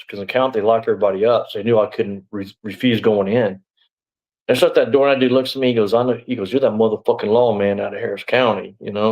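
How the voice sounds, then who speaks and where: A middle-aged man speaks in a low voice, telling his story in a loose, rambling way. He is blunt and throws in "you know" and restarts often. He sounds like an interview guest recounting events at length. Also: muffled recording. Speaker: interview guest, former sheriff's deputy.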